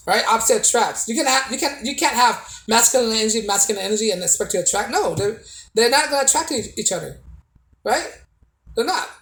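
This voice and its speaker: A man's voice: sits high, a bit bright, reverberant, rough recording. A man giving a casual opinion monologue to camera as a video blogger, preachy and repetitive, with many restarts and tag questions.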